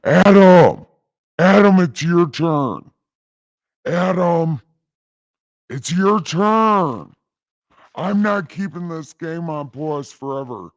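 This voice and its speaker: Guy playing a pushy impatient god, yells and cusses, slow drawl, dry sound. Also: a little high, expressive, no room sound. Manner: loud calling, swearing. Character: bossy impatient God, male, gamer. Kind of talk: comic storytelling.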